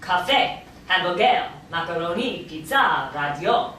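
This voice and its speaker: A woman in her forties reading a patient teacher who explains calmly and steadily. Her voice has a bright, forward edge. It is heard from far off through a very echoey video call with faint noise. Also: medium pitch, normal speed. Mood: instructive. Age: 40s. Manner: calm and instructive. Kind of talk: virtual play reading.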